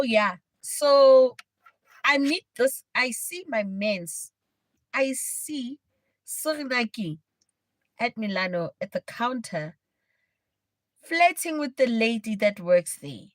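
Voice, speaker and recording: A chatty woman hosts a live stream and tells a dramatic story, talking straight to her viewers. Her voice sits at a middle pitch. The sound is close and dry, with no room echo. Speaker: livestream host. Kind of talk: casual storytime.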